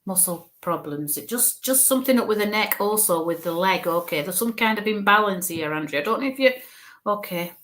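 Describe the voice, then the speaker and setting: A woman's voice: mid-range voice, animated, a little fast, a bit bright. A woman working as a spirit medium, giving a live reading to viewers in a chatty, reassuring way. She thinks aloud as she relays what she senses, with many "okays" and "bless yous". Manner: chatty and reassuring, full of "okay" and "bless you".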